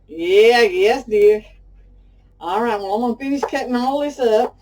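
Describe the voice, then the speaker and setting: Recorded on poor audio with slight background noise and far from the mic, a middle-aged woman from Pasadena, Texas, demonstrates a recipe as a cooking show host. Her Texan Southern voice is fairly high and mellow, and she chats folksily, calling viewers "y'all" and telling stories.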